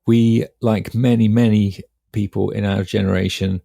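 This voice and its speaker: A middle-aged podcast co-host with a gravelly, mellow voice, recalling old times in a chatty, wry way. The sound is close and dry. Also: male voice, fairly low pitch, little pitch movement, normal speed, dry recording. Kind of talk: casual chat.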